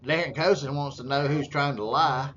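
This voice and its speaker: A man's voice: medium pitch, fairly even intonation, normal speed, fairly bright tone. A man giving crude, sarcastic running commentary over meeting footage, drawling and mocking the people he watches. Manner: mocking, crude, drawling, puts on voices for others. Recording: dull lo-fi audio with faint hiss.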